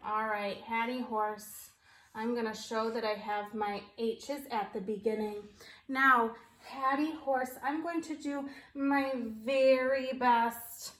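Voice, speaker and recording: A woman teaching a phonics lesson to kindergartners on video, speaking slowly and in a sing-song manner as she reads and spells along. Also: fairly high pitch, steady tone, a bit bright. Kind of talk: video lesson for young children. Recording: echoey room.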